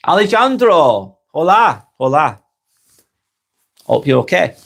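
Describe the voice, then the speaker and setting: A man in his forties with a Northwest English accent, getting over a cold, reading out viewers' comments and chatting back in a relaxed, friendly way. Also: fairly high pitch, slow, gravelly. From Northwest England. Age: 40s. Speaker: live stream host reading comments. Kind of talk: casual live chat.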